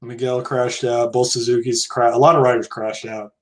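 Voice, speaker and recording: An American man co-hosts a podcast in a medium-pitched voice with little pitch movement, speaking at a normal speed. His talk is casual and chatty, wandering off into side topics as he hedges his points.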